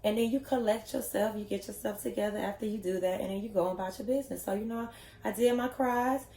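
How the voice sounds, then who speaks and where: A woman's voice: medium pitch, fast talker, mellow. Candid woman vlogging in an echoey room. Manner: chatty, candid, many "you know" fillers. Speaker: vlogger, yoga instructor trainee. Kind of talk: casual personal vlog.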